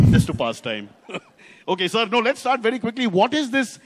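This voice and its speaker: A man with an Indian English accent hosting a car launch, teasing the audience and guests with quick jokes and bits of Hindi. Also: very high voice, big pitch swings. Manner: teasing, wisecracking, mixes in Hindi. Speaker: host of a car launch event. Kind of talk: joking emcee banter with the audience. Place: indoor launch event venue with live audience. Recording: reverberant event hall.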